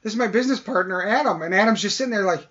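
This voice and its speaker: A high-pitched, racing voice belongs to this podcast co-host, who animatedly tells a long, casual anecdote while performing the quoted voices. Sound quality is dull lo-fi.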